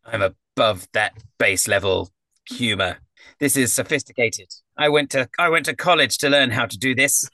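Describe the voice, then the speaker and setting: Brief: high, whiny sad-clown guy, pompous and touchy, a man putting him on in a tabletop game, dry close sound. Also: normal speed, pushed and bright, dry recording. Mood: haughty. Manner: indignant, theatrical whine. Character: grumpy self-important male sad clown.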